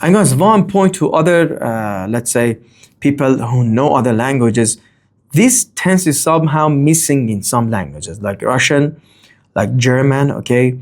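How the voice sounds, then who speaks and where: A man teaching English grammar in a rambling, lively way, with many asides and checks of "okay?". English is not his first language. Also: medium pitch, measured pace. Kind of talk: grammar lesson.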